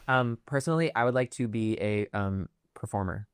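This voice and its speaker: A man's voice: lowish voice, moderate pace, clear, resonant tone, no echo, clean studio sound. A man playing a tabletop game, sassy and playful. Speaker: player.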